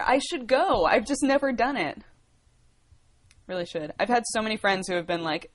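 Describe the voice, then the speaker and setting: A woman's voice: mid-range voice, lively intonation, normal speed. A woman in her twenties from the United States, chatting casually on a livestream, rambling and laughing as she answers viewer questions. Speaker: livestream host.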